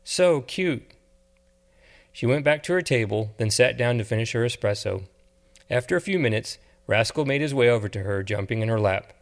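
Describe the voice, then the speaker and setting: A man narrating an audiobook novel in a measured, steady way. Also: mid-range voice. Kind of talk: scripted narration.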